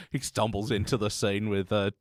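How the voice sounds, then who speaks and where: A man's voice: fairly low pitch, animated, unhurried, no room sound, studio quality. A man co-hosting a podcast in casual chat, wry, chuckling and fond of puns. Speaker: podcast co-host.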